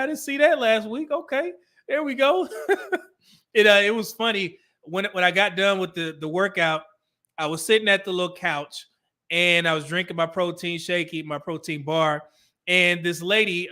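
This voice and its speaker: Middle-aged livestream host, bright tone, relaxed chatty delivery with frequent laughs. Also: male voice, a little high. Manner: laid-back, chatty, laughs often, uses slang. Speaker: livestream host reading chat. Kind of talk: casual livestream chat.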